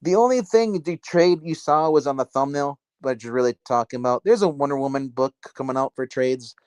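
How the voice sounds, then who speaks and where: A man hosting a casual comic book livestream from his dark house, talking on a phone. His voice sits at an ordinary middle pitch and sounds dry, with no room around it. He rambles, doubles back and fills gaps with filler words. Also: fairly quick, clear, resonant tone, dry recording. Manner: rambling, self-interrupting, filler-heavy.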